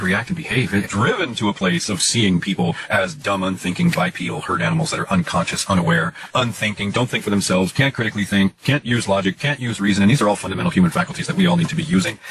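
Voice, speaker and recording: A man just short of fifty talks fast in a raw, frustrated monologue. He swears often and hammers his points through long lists and repeated words. Faint background noise sits under the recording. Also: lowish voice, fairly bright tone, low-quality recording. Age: 40s. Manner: emphatic, profane, repetitive listing.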